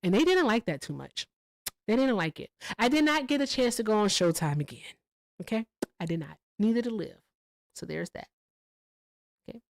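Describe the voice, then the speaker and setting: A woman hosting a casual livestream, telling stories in a profane, animated way with sudden jumps in pitch. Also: moderate pace, long pauses, no room sound, rough recording. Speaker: livestream host.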